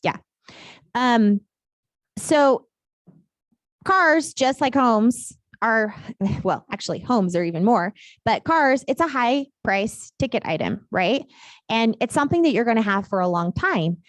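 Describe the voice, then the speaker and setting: A woman's voice: on the high side, lively intonation, a little slow, no echo. A woman teaching a real estate class in a casual, chatty way, telling stories and laughing often.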